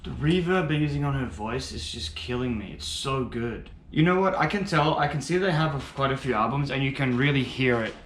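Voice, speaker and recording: A man's voice: medium pitch, animated, brisk, hardly any pauses, fairly bright tone, reverberant, slight background noise. A man giving casual, enthusiastic first-reaction commentary on music, rambling a little and swearing now and then. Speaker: music reaction video host.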